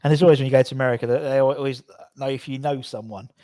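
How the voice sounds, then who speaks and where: An English man hosting a casual chat, easygoing and agreeable, with quick asides. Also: mid-range voice, steady tone, dark tone, dry recording, clean studio sound. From England. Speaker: podcast host.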